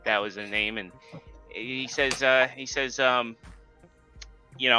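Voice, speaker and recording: Bright-voiced man rambling on a live show. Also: mid-range voice, steady tone, soft background music. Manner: rambling, halting joke-telling with many fillers. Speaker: podcast co-host. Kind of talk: casual live-stream chat.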